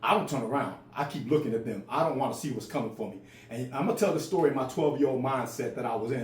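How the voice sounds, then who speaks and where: A man in his forties talks quickly with few pauses in a medium-pitched voice, telling a personal story in a raw, relaxed way. He stutters and repeats words. The space sounds roomy, and faint ambient noise can be heard.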